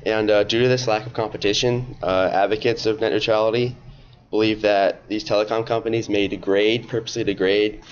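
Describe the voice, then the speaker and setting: Male student presenter, a bit hoarse, lowish voice, casual filler-heavy delivery, dull classroom audio. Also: steady tone, a little fast. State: slightly hoarse.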